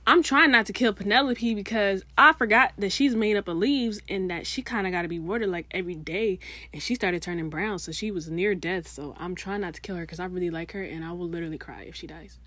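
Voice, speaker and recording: A young woman vlogging in a casual, chatty way, animated and rambling, full of asides and restarts. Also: medium pitch, brisk, no room sound. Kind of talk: casual chat to camera.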